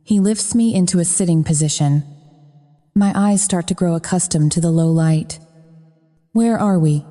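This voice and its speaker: A woman's voice: lowish voice, moderate pace, warm tone, big-room sound, soft background music. A woman narrating a romance audiobook in the first person, in an intimate, breathless telling.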